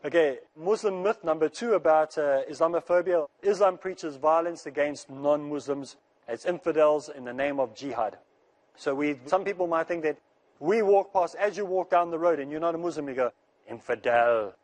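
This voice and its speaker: A man with a fairly high voice delivers a religious lecture at a rushing pace. He is earnest and reassuring, and stacks repeated phrases to drive each point home. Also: a little mellow. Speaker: Islamic speaker.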